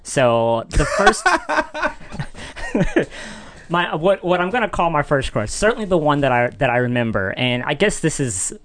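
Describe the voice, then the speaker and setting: A man's voice: on the high side, unhurried, long pauses, a little hiss or hum. A man, a podcast producer, telling a story in casual chat and acting out the voices in it. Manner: animated, acts out voices in his stories.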